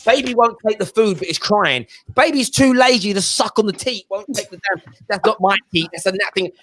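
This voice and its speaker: A man hosting a casual football chat show, telling stories with lively energy and mimicking voices. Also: sits high, a little fast. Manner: animated storytelling, mimics his kids. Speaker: show host.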